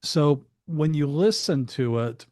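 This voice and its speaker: A man's voice: a little high, expressive, takes it slowly, dark tone, no echo. A man being interviewed as a guest, telling stories about studio work in a casual, chatty way, with frequent restarts and asides. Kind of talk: casual anecdotal storytelling.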